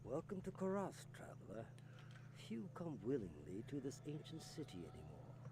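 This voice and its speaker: A man's voice: medium pitch, wildly swooping pitch, normal speed, background noise. An actor playing a male townsperson who welcomes travelers to an ancient city in a game, with a theatrical, lilting delivery. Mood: welcoming.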